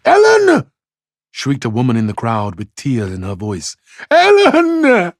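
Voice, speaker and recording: A man's voice: fairly low pitch, normal speed, a little mellow, no room sound, clean studio sound. A Scottish man who reads a novel aloud and explains it for exam study, talking conversationally with frequent restarts. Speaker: English literature teacher.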